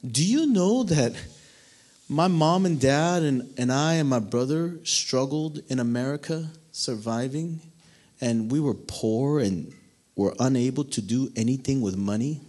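A man preaching a sermon, telling a personal story with animated delivery and acted-out voices. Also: medium pitch, unhurried.

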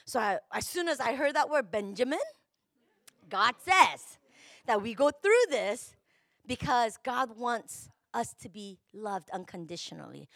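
A middle-aged woman pastor gives an emotional, confessional sermon at a measured pace, her voice on the high side and animated. It swings widely and climbs into shouts at its peaks, and the sound is dry and close with no echo.

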